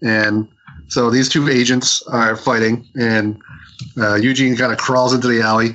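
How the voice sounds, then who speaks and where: A man's voice: medium pitch, little pitch movement, measured pace, a bit bright, lo-fi sound. A man co-hosting a comic book podcast, retelling a story in a rambling way with many restarts. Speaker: podcast co-host. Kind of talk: casual comic book review chat.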